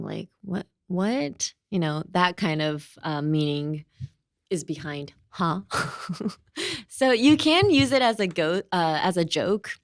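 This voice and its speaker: A woman's voice: on the low side, no echo. Brief: young woman, lesson host, giggly and chatty, dry studio mic. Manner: chatty, laughs often, mixes in Japanese. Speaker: host and English teacher. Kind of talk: casual language lesson.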